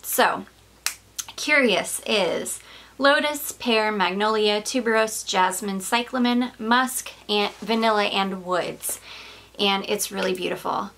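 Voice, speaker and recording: A woman's voice: mid-range voice, takes it slowly, a bit bright, a little hiss or hum. A woman reviewing perfumes in a casual vlog, gushing and rambling with fillers and small laughs, slightly out of breath.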